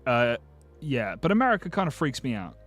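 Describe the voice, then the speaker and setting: A man's voice: medium pitch, sing-song, a little fast, fairly bright tone, soft background music. A man streaming, casually chatting and joking as he reads viewer comments, swearing freely and restarting his sentences. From United Kingdom. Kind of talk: casual livestream chat reading viewer comments.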